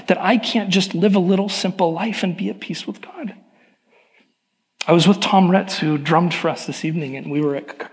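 A middle-aged male pastor giving a sermon, telling personal stories in a candid, confessional way. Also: high voice. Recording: long hall reverb.

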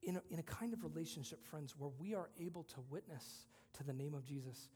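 A male pastor preaching a conversational sermon, moving between loud emphasis and hushed whispers. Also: fairly high pitch, fairly quick, breathy edge, long reverb tail.

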